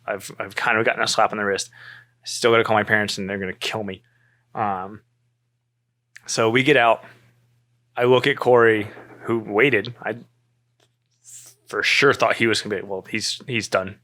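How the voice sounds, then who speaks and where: A man in his thirties telling a story in casual chat, animated, cursing freely and acting out both sides of the conversation. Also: lowish voice, normal speed, pauses often. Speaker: podcast guest.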